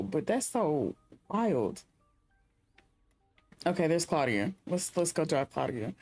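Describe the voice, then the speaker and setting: A woman's voice: low voice, very animated, measured pace, pauses often, a little mellow, faint music behind. A young woman streaming a game, reading its narration aloud and adding chatty asides. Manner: chatty, speculative asides between read-out narration. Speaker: gaming streamer. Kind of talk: reading game text and chatting during a playthrough.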